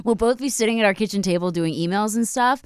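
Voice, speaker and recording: A woman chatting casually, quick to laugh and chime in. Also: mid-range voice, clean tone, no room sound, studio quality. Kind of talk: casual chat.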